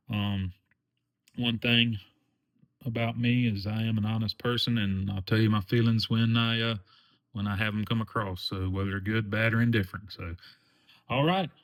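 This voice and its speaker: A man's voice: on the low side, fairly bright tone. A man with a Southern US accent hosting his own channel, talking in a folksy, earnest way with lots of fillers. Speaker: channel host. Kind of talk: casual vlog chat.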